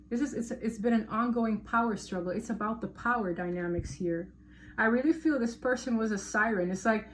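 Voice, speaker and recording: A woman's voice: a little high, a little fast, very noisy. Emphatic woman giving a tarot reading. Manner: emphatic, repeats words for stress. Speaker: tarot reader. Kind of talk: casual tarot reading to viewers.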